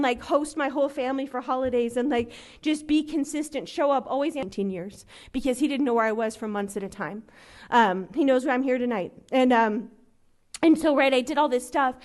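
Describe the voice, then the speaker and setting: A woman with a high, light voice, in her thirties, tells her own recovery story to a meeting room. She talks earnestly and loosely, with lots of "like" and "um", and briefly acts out what others said to her. Her delivery stays conversational and personal. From Los Angeles.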